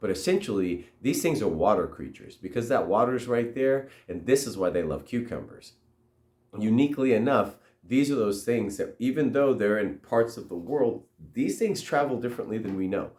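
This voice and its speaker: A man's voice: mid-range voice, expressive, moderate pace, a little mellow. A man telling a story in a loose, conversational way. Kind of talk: casual oral storytelling. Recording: roomy echo.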